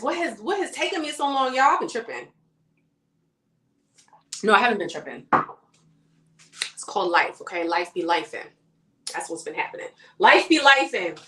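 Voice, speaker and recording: A woman's voice: a little high, bright, forceful tone. A woman hosting a casual makeup livestream, chatting with viewers and calling them y'all and girl as she works. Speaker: beauty livestream host. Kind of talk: casual chat while doing makeup. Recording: echoey room sound.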